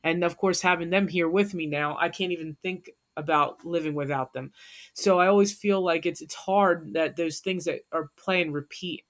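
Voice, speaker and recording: A woman's voice: fairly low pitch, moderate pace. A woman as a podcast guest, telling a personal story in an earnest, heartfelt way.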